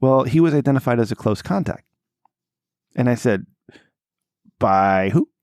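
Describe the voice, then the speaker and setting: A man co-hosting a podcast, telling a long story in casual chat, swearing freely and jumping to a high, exasperated voice when he quotes himself. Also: measured pace, dry recording, studio quality. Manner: animated, profane, voice jumps high when exasperated. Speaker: podcast co-host.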